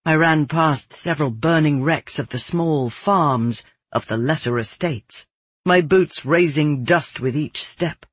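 A man reading a dark first-person novel aloud in a measured, grim storytelling manner. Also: a little high, slightly rough, no echo. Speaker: audiobook narrator. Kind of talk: scripted first-person fiction narration.

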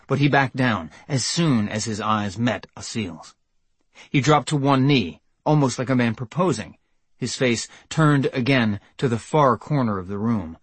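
A man reading an audiobook in measured, even scripted narration. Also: medium pitch, husky, no room sound.

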